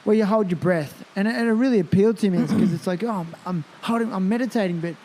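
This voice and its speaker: Male podcast host, mellow tone, loose rambling chat full of fillers and swearing. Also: sits high, fast, a little hiss or hum. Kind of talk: casual conversation.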